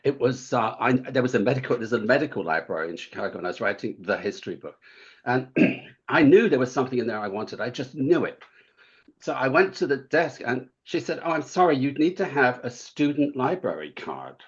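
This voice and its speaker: A man's voice: mid-range voice, lively intonation, a little fast, highs cut off. A man being interviewed as an author guest, telling witty anecdotes in a campy way and chuckling often. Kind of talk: casual interview chat.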